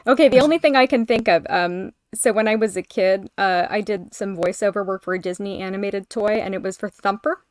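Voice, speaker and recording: A woman co-hosting a casual livestream chat, chatty and giggly with quick asides. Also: medium pitch, a little mellow, no echo.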